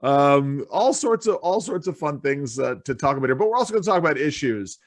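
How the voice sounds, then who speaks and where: A man's voice: a little high, animated, fairly quick, no echo. A male co-host of a casual political talk show, rambling with restarts and frequent laughs. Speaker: podcast co-host.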